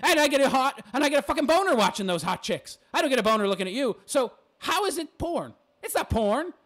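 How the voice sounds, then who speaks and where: A man's voice: extremely high pitch, very animated, fast talker, fairly bright tone. A man ranting in reaction commentary, crude and mocking, often laughing at his own jabs.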